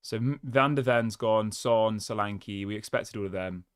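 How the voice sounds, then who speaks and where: A man's voice: fairly low pitch, normal speed, smooth, dry recording, studio quality. A man hosting his own football fan channel, chatting casually and thinking aloud with small restarts. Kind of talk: casual solo fan commentary.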